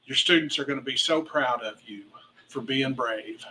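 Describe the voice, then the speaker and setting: A man working as an auctioneer at a charity party, calling out bids and teasing bidders in a playful, excitable way. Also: medium pitch, normal speed, a little hiss or hum, poor audio. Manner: calls rising bid amounts.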